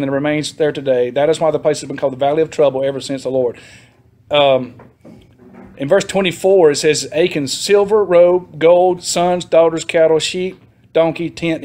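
A man leads a Sunday school lesson. He reads verses and retells them in a loose, talky way. His voice sits a bit higher than most men's, and he laughs as he goes and throws questions to the class. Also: a little fast, darkish tone. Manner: chatty, laughs often, asks the class questions. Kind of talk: casual Bible teaching.

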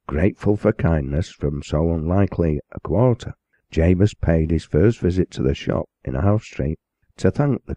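A man reading a classic novel aloud in a steady, measured way. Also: sits low, dry recording, dull audio. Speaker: audiobook narrator.

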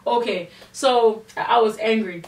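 A young woman vlogger telling a storytime, animated and indignant, with many fillers. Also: a little high, unhurried, far from the mic. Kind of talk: storytime vlog. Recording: echoey room, off-mic.

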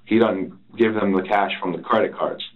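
A low-voiced man tells his side of the story in an interrogation room, rambling and swearing as he acts out what others said. The recording is muffled and dull, like a room recorder. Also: fairly even intonation, moderate pace. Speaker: officer being interrogated. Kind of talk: recounting events under interrogation.

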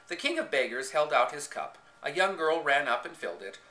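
A man's voice: a little high, big pitch swings, a little fast, few pauses, pushed and bright. A man reading a story aloud in the first person with dramatic expression, recorded on a home camcorder in an echoey room. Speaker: reader.

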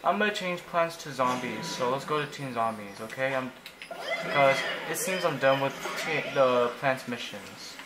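A young man giving casual, excitable commentary while he plays a video game, often exclaiming in frustration. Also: mid-range voice, moderate pace, very noisy. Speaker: gaming YouTuber.

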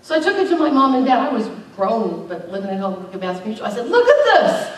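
A woman's voice: medium pitch, lively intonation, fast talker. A middle-aged woman pastor preaching a conversational sermon with emphatic bursts. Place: church sanctuary. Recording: very echoey, distant church recording.

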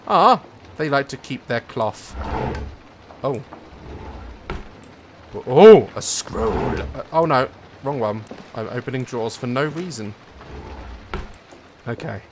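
A man's voice: medium pitch, lively intonation, slow, pauses often, a little hiss or hum. A young man commentating a horror game, joking nervously and breaking into sudden screams. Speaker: gaming YouTuber.

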